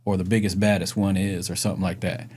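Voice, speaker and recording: A man's voice: deep voice, flat delivery, fast talker, a little mellow, a little hiss or hum. A middle-aged man hosting a podcast, talking earnestly and reflectively in casual conversation, asking his guests questions. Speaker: podcast host.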